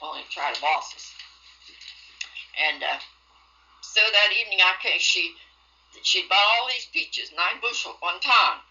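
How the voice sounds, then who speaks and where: Bright-voiced old woman storyteller. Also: on the low side, unhurried, pauses often, lo-fi sound. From West Virginia. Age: older. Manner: rambling folksy storytelling, dialect grammar. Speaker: interviewee. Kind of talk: recorded oral history interview.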